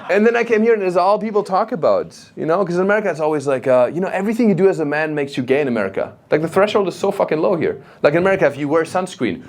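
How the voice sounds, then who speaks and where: A man from Germany with a German accent doing stand-up crowd work, animated and teasing, live on a club stage. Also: high voice, rapid-fire, hardly any pauses, a little hiss or hum. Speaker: stand-up comedian. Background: audience laughter.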